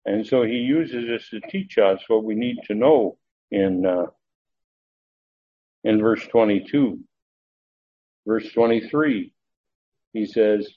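A man preaching a verse-by-verse sermon in an earnest, emphatic way, often restarting and pausing on filler sounds. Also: mid-range voice, expressive, vocal fry, breathy edge. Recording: narrow, tinny phone-like sound.

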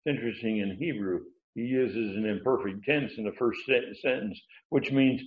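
A man delivering a sermon in a measured teaching voice, stopping often on "uh" and leaning hard on key words. His voice carries through a roomy, echoing space, and the recording sounds a little dull and muffled. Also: fairly low pitch. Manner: teaching with emphatic pauses, frequent "uh" fillers. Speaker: preacher. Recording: dull, echoey room sound.

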